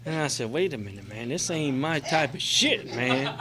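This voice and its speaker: Crowd noise surrounds a middle-aged man with a mid-range voice and lively intonation, talking at normal speed. In a convention meeting room, this recovery convention speaker gives an emotional, profane personal testimony, rambling and filling with "man" and "you know."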